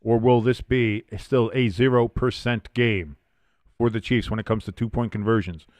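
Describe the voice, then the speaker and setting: A man's voice: mid-range voice, normal speed, dry recording. A young man hosting a watch-along stream, calling plays in a casual way, reading out viewer comments between plays, and jumping up in energy when something big happens. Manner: excitable, rising sharply on big plays.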